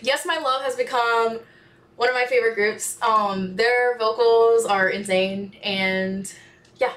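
A young woman hosting a music reaction channel, gushing excitedly and talking back to the performers on screen. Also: a little high, slow. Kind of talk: casual reaction commentary. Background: faint music playing.

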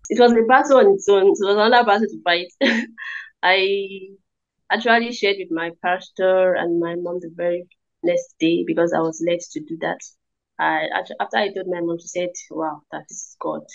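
A woman telling her testimony in an interview, animated and acting out the voices of the people she quotes. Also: lowish voice, normal speed, vocal fry. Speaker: interview guest. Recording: dull lo-fi audio.

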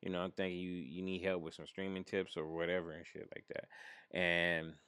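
A man's voice: deep voice, level tone, brisk, pushed and bright, clean tone, no echo. A man from Michigan hosting his stream, telling a story from his life in a casual, profane, laid-back way. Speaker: streamer host.

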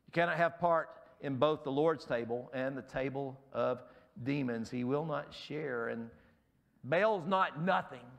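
A man preaching a sermon as pastor in a church, emphatic and rising sharply on key words, his voice going hoarse. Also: medium pitch, unhurried. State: losing his voice.

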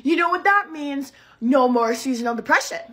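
A woman's voice: high-pitched, expressive, moderate pace, fairly bright tone. A young woman making a comedic phone vlog at home, giggly and dramatic, squealing in mock pain. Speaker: comedy content creator.

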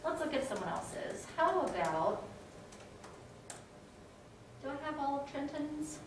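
A woman teaching a music education class in a casual, animated way, now and then singing short rhymes. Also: sits high, slow pace, noisy background. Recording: echoey room, mic from a distance.

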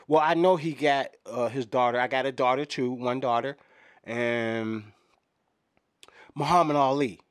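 A man's voice: medium pitch, unhurried, no echo, studio quality. A middle-aged man in a rambling parody press conference, drifting off topic and saying "you know what I'm saying" over and over. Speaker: comedian doing a mock fan press conference. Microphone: microphones in front of him at a podium.

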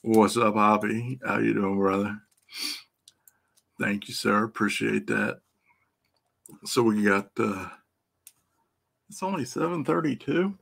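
Slow and creaky, with long pauses, a lowish and slightly bright voice belongs to a middle-aged Midwestern American man who tunes EFI systems. He hosts a casual live stream, calling out viewers by name, swearing freely, and laughing often.

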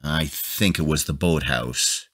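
A calm husband and father, read by a man in a very deep voice. He speaks slowly and quietly, steadying his family. A plain storybook figure. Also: exaggerated voice. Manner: quiet, reassuring.

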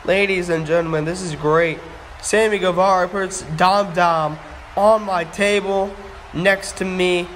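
High-voiced man calling toy wrestling excitedly. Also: unhurried. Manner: breathless, shouting exclamations. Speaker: play-by-play commentator. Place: home room with echo. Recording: echoey room, faint background hum.

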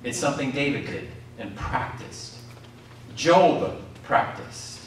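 Guy preaching in a community hall, mid-pitched voice, faint room hiss behind. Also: big pitch swings, slow pace. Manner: calls out questions to the congregation. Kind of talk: sermon. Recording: echoey hall from far off.

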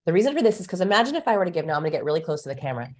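Woman guest expert, somewhat low voice, brisk and emphatic explainer. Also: big pitch swings, a little mellow. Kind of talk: interview explanation.

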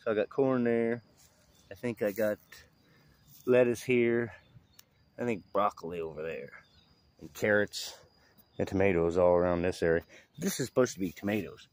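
A man's voice: lowish voice, moderate pace, slight background noise. A middle-aged man, giving a casual, rambling, profane update to the camera. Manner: profane, rambling, talks in short bursts. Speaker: vlogger.

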